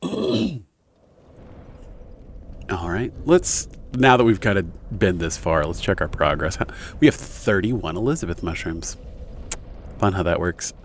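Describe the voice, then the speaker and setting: A man's voice: low-pitched, sing-song, a little slow, pauses often, a little hiss or hum. A young man streaming a video game, rambling casually with lots of fillers and self-corrections. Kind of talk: casual gameplay commentary.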